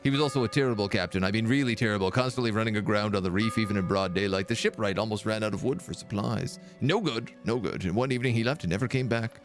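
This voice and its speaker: A man voicing a talkative male town mayor in a video game, speaking in a brisk, chatty, faintly disdainful way. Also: lowish voice, faint music behind, natural voice. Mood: gossipy.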